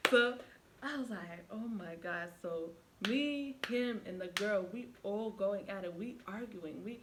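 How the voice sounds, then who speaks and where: A woman's voice: mid-range voice, slow. A young woman recounts a personal story for her vlog in a casual, chatty way, talking directly to her viewers. She slips into the voices of the people in the story as she goes. Her voice sits in a middle range, with a faint hiss in the background. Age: young adult. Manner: animated storyteller who acts out quoted dialogue. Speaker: vlogger.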